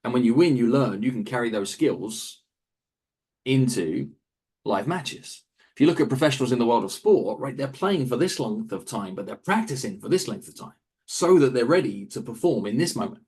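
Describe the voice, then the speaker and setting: A man, a real estate coach, answering interview questions in a lively coaching manner, briefly acting out quick asides. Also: mid-range voice, slightly rough. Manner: animated, acts out quick asides in other voices.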